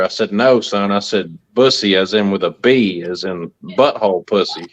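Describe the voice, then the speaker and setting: A man's voice: lowish voice, normal speed, hardly any pauses, highs cut off. A man telling a crude story in casual chat, laughing as he goes.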